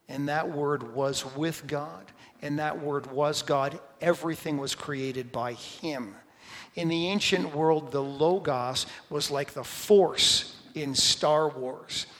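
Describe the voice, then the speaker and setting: A middle-aged man preaching a sermon, emphatic, rising to loud stresses on key words. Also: a little high. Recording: long hall reverb.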